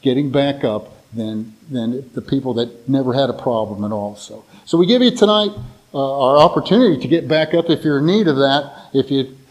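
A man's voice: medium pitch, lively intonation, normal speed, low-quality recording. A man preaching an informal sermon, telling a rambling, folksy personal story before reading scripture.

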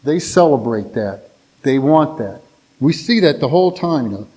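A man's voice: mid-range voice, expressive, normal speed, a little mellow, poor audio. A man preaching an informal sermon, telling a rambling, folksy personal story before reading scripture.

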